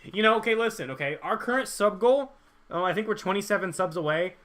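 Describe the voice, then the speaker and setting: Joking young man streamer, bright voice. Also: high-pitched, animated, fast. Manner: joking, rambling, reads chat aloud. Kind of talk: casual chat with stream viewers.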